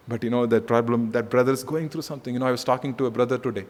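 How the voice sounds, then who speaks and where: A man's voice: medium pitch, steady tone, very fast, few pauses. A man preaching a conversational sermon as pastor, repeating phrases and saying "you know" often. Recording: echoey hall.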